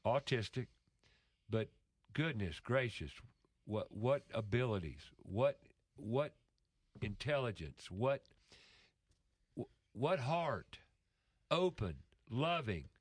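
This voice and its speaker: A man's voice: medium pitch, very animated, slow, pauses often, breathy edge, no echo. A man speaking in a casual conversation, telling an emotional story earnestly with frequent restarts.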